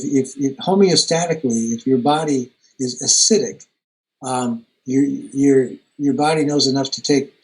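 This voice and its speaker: A man's voice: medium pitch, poor audio. A man, a holistic dentist, answering questions in an online Q&A, often repeating and restarting words as he explains. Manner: halting, repeats words, tells anecdotes. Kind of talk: online Q&A interview.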